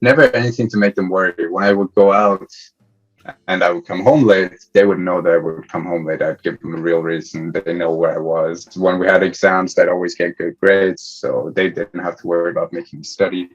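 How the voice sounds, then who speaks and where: Man, young adult, from Iran, low voice, relaxed storyteller, slightly dull audio. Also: brisk. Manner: relaxed storyteller, laughs often. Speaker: podcast guest. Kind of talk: casual interview chat.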